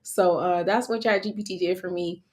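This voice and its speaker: A woman's voice: on the low side, steady tone, normal speed, a little mellow. A young woman from California, an online course creator, talking casually on a live stream, chatty and slangy, laughing often.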